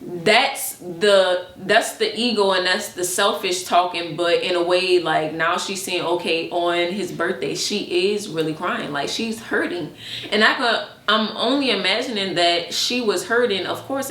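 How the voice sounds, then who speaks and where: A woman co-hosting a podcast in casual chat, talking fast with many filler words. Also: lowish voice, reverberant. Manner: chatty, many "like" fillers, animated quoted asides. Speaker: podcast co-host.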